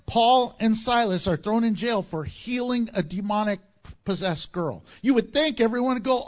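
A man preaching a sermon as pastor, swinging between loud emphatic lines and hushed ones. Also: high voice, expressive, moderate pace.

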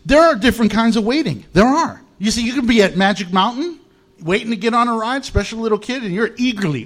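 A man's voice: high-pitched, very animated, a little fast, fairly bright tone. An American male pastor preaching a humorous sermon, telling stories with animation and laughing at his own jokes. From United States.

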